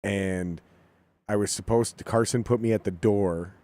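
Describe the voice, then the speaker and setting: Guy on a podcast telling a work story, lowish voice, animated, swears a lot, does everybody's lines. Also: measured pace. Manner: animated, swears freely, acts out dialogue. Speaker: podcast guest, rock musician. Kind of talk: casual storytelling chat.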